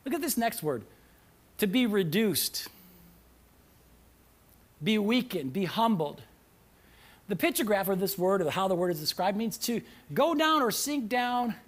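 A male pastor preaching a sermon to a church congregation, animated and often breaking into shouts. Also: high voice, a little slow, long pauses. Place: church sanctuary with live audience.

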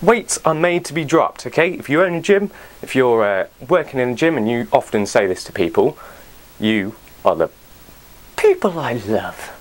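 A man's voice: mid-range voice, big pitch swings, moderate pace. A man ranting to camera as a fitness vlogger, blunt and sweary, full of exasperation. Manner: blunt, sweary, exasperated, quotes people in other voices.

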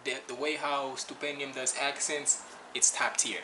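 A man's voice: medium pitch, level tone, moderate pace, reverberant, noisy background. A man hosting a reaction video, chatting casually in a rambling, loose way. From Jamaica. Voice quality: rambling, chatty, restarts a lot. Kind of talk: casual chat.

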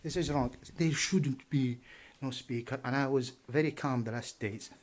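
At night in shared housing, a man films a noise dispute in a handheld argument-and-complaint vlog. His medium-pitched voice stays fairly even at normal speed as he repeats himself, pleading and complaining.

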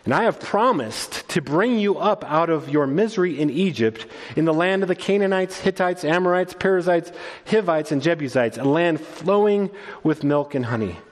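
A man's voice: fairly high pitch, lively intonation, moderate pace, long reverb tail. A male pastor preaching a sermon, earnest and conversational, often restarting his phrases. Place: church sanctuary.

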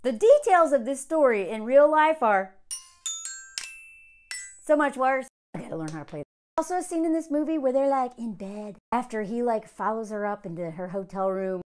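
A woman talks straight to camera, reviewing a film in a casual, blunt way. Her voice sits high and jumps up and down a lot as she slips into mocking impressions of the characters. Her tone stays sarcastic. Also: lively intonation, normal speed, darkish tone. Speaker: movie reviewer. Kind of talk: casual vlog commentary.

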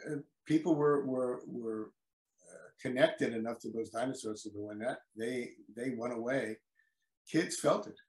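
A man's voice: medium pitch, unhurried. An older man, a veteran actor, telling stories in a casual interview and acting out old quotes. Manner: animated storyteller, acts out quotes. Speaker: guest actor. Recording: echoey room.

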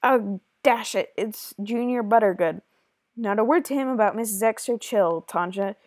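A woman voicing a kind, secretive beekeeper woman in a game, speaking in a gentle, confiding way. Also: medium pitch, moderate pace, no room sound, clean studio sound, voice pushed up, close to an everyday voice.

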